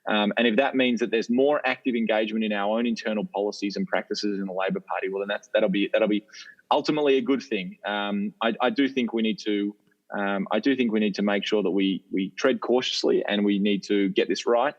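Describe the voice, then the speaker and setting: An Australian man, a politician guest on a casual podcast, speaking in a measured way with frequent restarts and fillers. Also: on the low side, steady tone. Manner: measured, hesitant with many restarts. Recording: dull lo-fi phone line.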